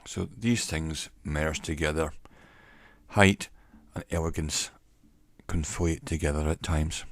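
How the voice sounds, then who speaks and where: A man giving an educational talk in a measured, reflective way, pausing often between phrases. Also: extremely low pitch, steady tone. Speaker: teacher. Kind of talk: educational monologue.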